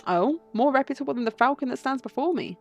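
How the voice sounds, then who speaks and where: Woman reading as a courteous male fox gentleman. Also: high voice, animated, fast, gravelly, faint music behind, pitched above the performer's own voice. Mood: polite. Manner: courteous, polished formal speech.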